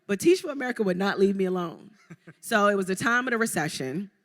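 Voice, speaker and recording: A woman in her thirties from Baltimore, a guest at a live stage interview, telling her story in an animated, playful way and talking straight to the audience. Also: medium pitch, quick pace. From Baltimore, Maryland. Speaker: guest entrepreneur. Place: live event venue before an audience. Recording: reverberant live event hall.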